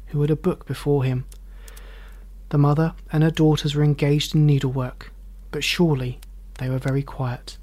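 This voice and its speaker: A measured, expressive narrator reading a classic novel aloud. Dramatic pauses give weight to key phrases. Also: mid-range voice.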